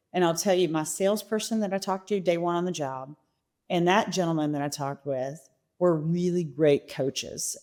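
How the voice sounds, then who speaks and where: A middle-aged woman, a company chief, telling animated stories about her career in an interview. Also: sits low. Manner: animated anecdotes, quoting her father. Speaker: guest, company CEO. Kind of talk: interview storytelling.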